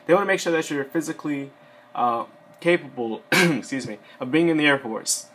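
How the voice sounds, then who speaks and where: A man's voice: on the high side, brisk, a bit bright, breathy edge. A young man sitting down and talking casually in a rambling, filler-heavy way, sharing advice as an Air Force enlistee. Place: seated indoors.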